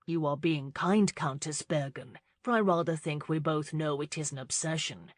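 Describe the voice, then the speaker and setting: A woman's voice: low voice, normal speed, dry recording, studio quality. A woman voicing a jovial, gallant male marquis.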